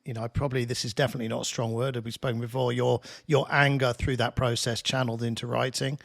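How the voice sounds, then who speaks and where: A man hosting a laid-back podcast at an ordinary mid pitch. He asks questions in a loose, conversational way and laughs easily along with his guest. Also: fast, vocal fry. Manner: relaxed, chatty, laughs easily. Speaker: podcast host. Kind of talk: casual podcast interview.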